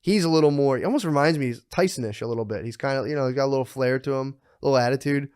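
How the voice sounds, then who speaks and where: A young man co-hosting a podcast, telling profane, animated stories in casual chat and bursting into laughter. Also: medium pitch, racing, clean tone. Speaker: podcast co-host.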